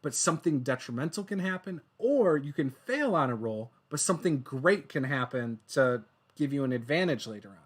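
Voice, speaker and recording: A man hosting a gaming interview show, telling stories in an excitable, rambling way. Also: medium pitch, moderate pace. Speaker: podcast host. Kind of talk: casual interview chat.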